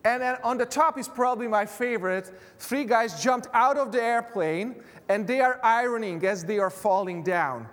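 A man preaching a sermon, halting with many fillers and restarts as he tells a personal story. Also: very high voice, animated, fairly bright tone. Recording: long reverb of a hall.

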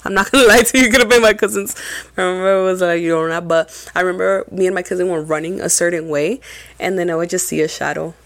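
A young Mexican woman co-hosting a podcast tells a paranormal story in casual chat, animated and swearing often while mixing in Spanish phrases. Her voice sits on the low side, she talks fast, and the recording is dry.

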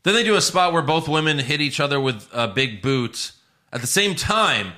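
A man's voice: on the high side, expressive, moderate pace, sharp tone. A man co-hosting a casual podcast chat, recapping wrestling with sarcastic jokes.

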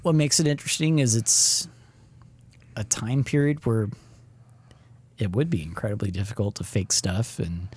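A man's voice: on the low side, moderate pace, pauses often, darkish tone, husky, no echo. Man, podcast co-host, casual chat, hesitant, restarts often. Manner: hesitant, many restarts and fillers.

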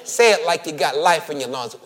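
A man preaching in a big reverberant hall, his fairly high voice leaping up and down in pitch. He takes his time, slowing down to stretch key words. He drops to a near whisper, then builds to loud, emphatic declarations. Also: expressive. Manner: swells from hushed, whispered lines to loud emphatic calls; drawn-out words for emphasis, addresses listeners as family. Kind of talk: sermon. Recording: long reverb of a large hall.

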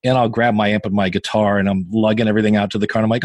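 A man in his fifties, a podcasting guest, telling animated, self-deprecating stories in a casual interview. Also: fairly low pitch, rapid-fire, hardly any pauses, no room sound. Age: 50s.

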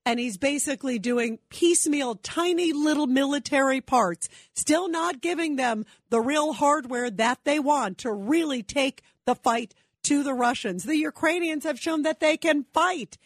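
A woman's voice: high-pitched, no echo, studio quality. Indignant woman radio host. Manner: indignant, rapid-fire rhetorical questions. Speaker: radio talk show host. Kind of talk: call-in political talk radio monologue.

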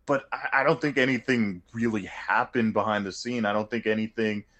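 A man's voice: lowish voice, steady tone, brisk, a bit bright. A man co-hosting a casual sports podcast, thinking aloud with stops and repeated words. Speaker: podcast co-host.

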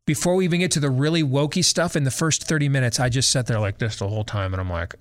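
A man's voice: medium pitch, expressive, quick pace. A middle-aged man hosting a talk show, ranting sarcastically in a casual monologue and mimicking voices. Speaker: radio talk show host.

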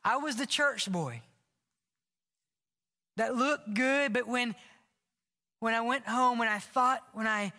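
Bright-voiced preaching pastor, echoing sanctuary. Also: male voice, extremely high pitch, takes it slowly, pauses often. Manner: impassioned preaching, dropping to a whisper for emphasis. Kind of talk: sermon. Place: large church sanctuary. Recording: long hall reverb.

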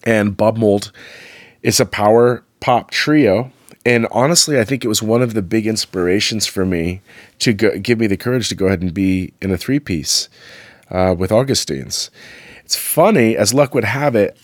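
Low-voiced middle-aged man rambling about music. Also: moderate pace, no echo, studio quality. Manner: rambling, animated, many fillers and asides. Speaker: podcast host and musician. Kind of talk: casual storytelling monologue.

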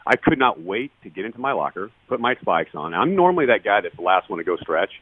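A man's voice: on the low side, sing-song, fast, breathy edge, no room sound. A man in his forties, a retired ballplayer guesting on a podcast, telling his story bluntly and earnestly with plenty of swearing. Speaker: guest, retired baseball player. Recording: dry, tinny phone-line sound.

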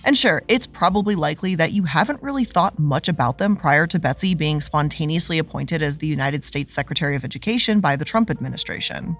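A woman hosting a scripted show, narrating with a sarcastic, lively delivery. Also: fairly low pitch, husky. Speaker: host.

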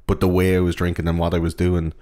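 A man with a very low, deep voice chatting casually on a podcast. He talks bluntly and loosely, rambling through his points and swearing freely. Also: completely flat delivery, fast, mellow. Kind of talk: casual chat.

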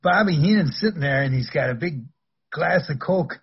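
A man's voice: fairly high pitch, animated, normal speed, husky, lo-fi sound. An older man, a former wrestler, telling rambling anecdotes in a casual interview, laughing through his stories.

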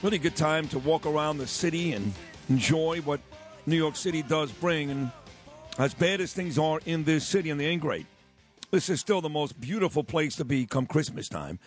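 A man's voice: on the high side, expressive, faint music behind. A middle-aged man hosting a radio talk show, bantering and arguing with teasing comebacks from a studio microphone. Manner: argumentative, teasing, quick comebacks.

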